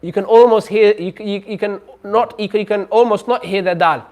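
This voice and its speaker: High-voiced man teaching a recitation class. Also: darkish tone. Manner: patient, models sounds slowly for the class to repeat. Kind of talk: classroom lesson. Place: community centre classroom.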